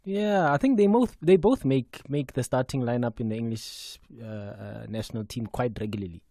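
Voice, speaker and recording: Guy chiming in on sports radio, short agreeing bits, mellow, dry studio. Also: mid-range voice, moderate pace, no room sound. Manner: brief, agreeing interjections.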